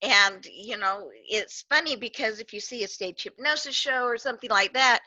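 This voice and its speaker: An older woman hosting a live online talk show, explaining ideas in an animated way and correcting herself as she goes. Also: a little high, normal speed, no room sound. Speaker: host. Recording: dull, dry online stream audio.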